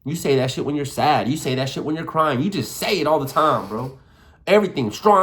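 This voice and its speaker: A young man giving a hyped motivational talk, slangy and full of swearing, often leaping up in pitch to act out affirmations. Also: lively intonation, fast talker. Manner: hyped, slangy, swears a lot, swings pitch wide when acting out affirmations. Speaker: self-help coach.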